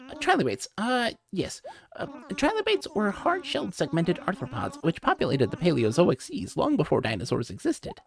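A woman's voice: mid-range voice, gravelly, voice pushed up. A woman voicing a fussy, long-winded male owl who curates a museum in a video game, talking in a mannered, rambling and overly polite way.

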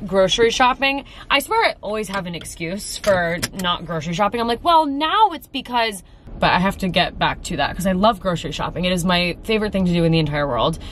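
A woman's voice: fairly low pitch, lively intonation, fast, few pauses, fairly bright tone. A young woman vlogging in a casual chat, rambling and self-mocking, laughing often and swearing freely. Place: at home and in her car. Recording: echoey room, faint ambient noise.

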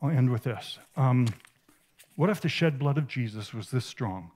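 A man giving a sermon at a conference, earnest and vivid, with halting restarts. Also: mid-range voice, lively intonation, darkish tone. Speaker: conference speaker. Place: conference stage.

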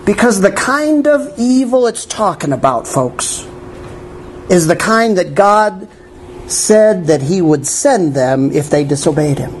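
A male pastor preaching a sermon in a church, animated, with wry asides to the congregation. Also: high-pitched, slow pace, a little hiss or hum, poor audio.

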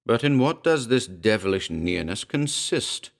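A man's voice: lowish voice, big pitch swings, measured pace. A man playing a bitter, brooding man. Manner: agitated, rising to anger.

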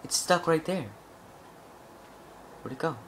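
A man's voice: a little high, animated, slow, fairly bright tone, a little hiss or hum. A young man giving casual, rambling gameplay commentary full of "like" fillers and swearing as he plays. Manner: rambling, profane, heavy on "like" fillers.

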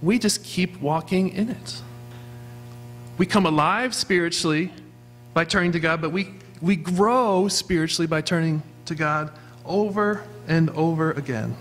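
A man's voice: on the high side, measured pace, fairly bright tone, a little hiss or hum. A man preaching a sermon as pastor of a church, earnestly asking his congregation questions. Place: church sanctuary.

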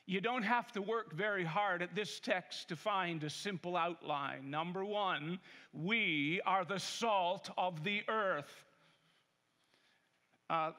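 A male pastor preaching a sermon in a church, emphatic and deliberate. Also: high-pitched, bright, forceful tone. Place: large church sanctuary. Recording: long hall reverb.

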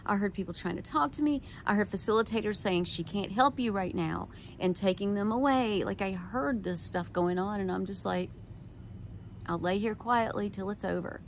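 A woman's voice: mid-range voice, moderate pace, few pauses, a little hiss or hum. A woman vlogger telling a personal story in a casual monologue, candid and frank, swearing and quoting her own thoughts.

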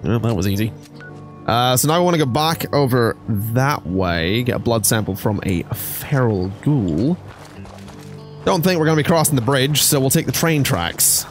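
A man's voice: medium pitch, animated, normal speed, faint music behind. A man streaming a game, rambling and joking with chat in casual gameplay commentary.

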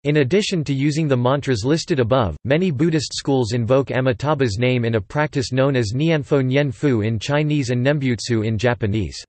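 A computer-generated man's voice reading an encyclopedia article in an even, flat machine delivery. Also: mid-range voice, normal speed, hardly any pauses, no echo. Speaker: text-to-speech reader.

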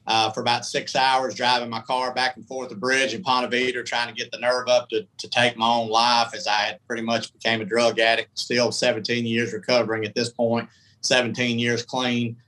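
Bright-voiced man telling stories. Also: medium pitch, little pitch movement, normal speed, poor audio. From United States. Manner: folksy, candid, rambling storyteller. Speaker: podcast guest, country comedy singer. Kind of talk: casual storytelling.

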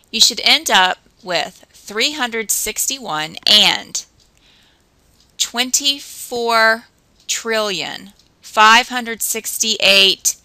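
A woman teacher talks through a math lesson in a patient, steady way, counting out drills at an even pace. Her voice sits a little low and has a gravelly edge, with a bright, sharp tone. The sound is dry and close. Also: no echo, low-quality recording. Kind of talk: recorded math lesson narration.

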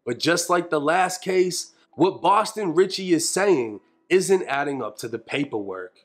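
A man giving a measured, matter-of-fact scripted narration for an investigative video. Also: fairly high pitch, animated.

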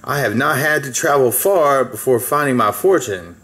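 A man voicing a kindly old gentleman rabbit with rheumatism, polite and old-fashioned. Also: mid-range voice, moderate pace, natural voice.

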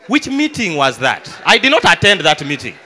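A young adult Ugandan man doing live stand-up comedy, an animated storyteller who swings between hushed mutters and loud outbursts. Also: sits high, normal speed. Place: live comedy stage with audience.

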